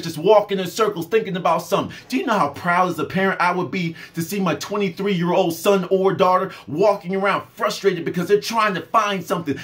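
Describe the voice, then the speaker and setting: A young adult man giving an impassioned, preachy rant straight to his audience as a spiritual and health vlogger. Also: high-pitched.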